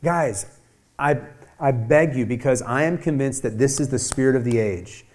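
A man's voice: moderate pace, a little mellow. A man preaching a sermon as a pastor, emphatic, with many rhetorical questions and acted-out quoted voices. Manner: acts out quoted voices, rising and dropping in pitch.

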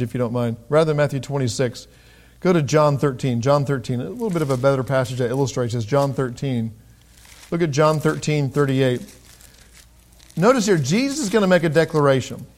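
A middle-aged man preaching a sermon in a conversational way, with pauses and restarts, who raises his voice when he reads scripture. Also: a little high, darkish tone. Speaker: pastor.

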